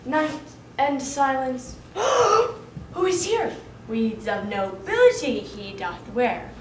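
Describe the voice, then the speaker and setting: A woman playing a mischievous sprite servant, speaking in a hushed, playful way on stage. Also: fairly high pitch, animated, slow pace, recorded from a distance. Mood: sly. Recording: echoey stage recording with noise.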